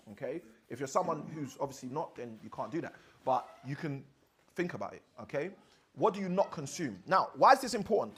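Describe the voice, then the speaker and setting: High-voiced man teaching a group. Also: a bit bright. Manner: asks the audience questions often. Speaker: teacher leading a faith session. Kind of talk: interactive teaching session.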